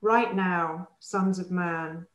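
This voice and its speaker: A woman giving a poetry reading, reciting slowly and deliberately with weighty pauses. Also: fairly low pitch, steady tone. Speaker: poet reading aloud. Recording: roomy echoey recording.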